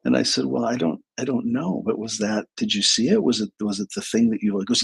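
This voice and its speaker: A man's voice: mid-range voice, fairly quick, vocal fry, breathy edge, low-quality recording. A man speaking as a hypnotherapist, telling client stories in a casual livestream talk full of restarts and asides. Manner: conversational storytelling with restarts.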